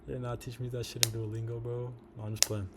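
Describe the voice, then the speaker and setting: A man's voice: medium pitch, little pitch movement, quick pace, heavy background noise. A man with a slight lisp from a retainer, rambling casually through a profane trading recap. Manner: rambling, profane, says "bro" a lot. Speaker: day trader.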